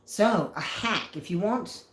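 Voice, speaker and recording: A woman's voice: medium pitch, lively intonation, slow pace. A woman chatting casually on a livestream, reading viewer comments aloud and answering them playfully. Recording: roomy echo.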